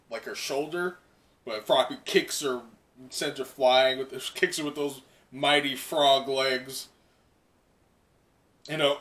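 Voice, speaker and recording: A man's voice: mid-range voice, a bit bright, distant mic. A man hosting a casual live reaction to a comic, rambling with lots of fillers and chuckles. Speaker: manga reaction host.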